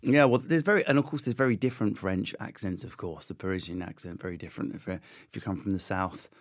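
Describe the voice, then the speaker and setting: A man's voice: low voice, fast. A comedian with an Essex accent, chatting as a guest. He riffs animatedly and jumps from bit to bit. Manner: animated, riffing storyteller. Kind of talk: casual chat.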